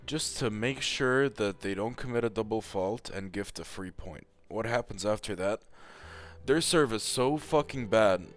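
A man's voice: lowish voice, measured pace, faint music behind. A man giving a casual, heated rant with lots of swearing and emphatic repetition, as a tennis commentator.

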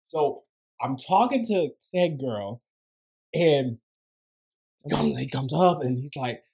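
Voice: medium pitch, slow pace, gravelly. Podcast co-host hyped up telling a dating story, super dramatic, keeps cracking up. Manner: excitable, dramatic, laughs through the story. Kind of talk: casual chat, storytelling.

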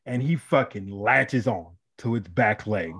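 A married man from Chicago telling a story in a casual podcast chat, animated and profane, acting out the people in it. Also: on the low side, a little slow, breathy edge. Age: adult, married. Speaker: podcast co-host.

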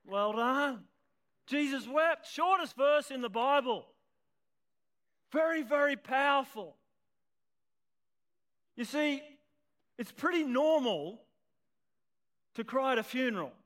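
A male pastor preaching an impassioned sermon to a church congregation with children present, swelling to shouts at emotional peaks. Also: extremely high pitch, lively intonation, takes it slowly, pauses often.

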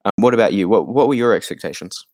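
A tired man rambles casually through a film recap, piling on fillers and laughing often. His voice sits low and sounds dry and close, with no room around it. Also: animated, quick pace, a little mellow, no echo. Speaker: podcast co-host. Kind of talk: casual chat about a film.

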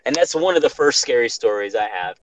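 A man's voice: medium pitch, a little fast, slight background noise, poor audio. A young man hosting a casual podcast, telling a scary story with lots of swearing and restarts. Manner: profane, animated, restarts often.

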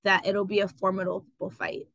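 A woman telling her story as an interview guest, animated and full of fillers like "like" and "um". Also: mid-range voice, normal speed, gravelly, rough recording. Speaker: guest, travel business owner. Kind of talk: casual interview.

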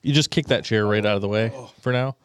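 A man's voice: fairly low pitch, fast talker, clear, resonant tone. A man hosting a podcast in casual chat, laid-back, laughing often and swearing casually. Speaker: podcast host. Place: small home studio.

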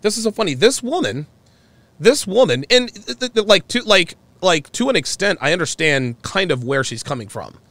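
A man hosts a talk podcast, talking with a mocking, opinionated edge. His pitch swings widely from low to high as he makes his points. The sound is dry and close. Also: sing-song, normal speed, a bit bright, no room sound. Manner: mocking, mimics others in exaggerated voices. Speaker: podcast host. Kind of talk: opinionated commentary on a live call-in stream.

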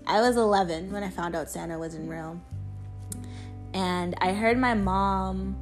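A woman's voice: medium pitch, slow pace, long pauses. Young woman in her twenties, solo podcast host, rambling chatty delivery, faint music underneath. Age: 20s. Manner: rambling, chatty, full of "like" fillers, self-deprecating. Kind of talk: casual solo podcast chat. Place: at her family home, indoors.

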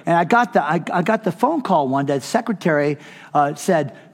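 A man's voice: a little high, lively intonation, normal speed, big-room sound. A middle-aged man, a pastor, preaching a sermon in an impassioned, conversational storytelling way with touches of humor. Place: conference hall.

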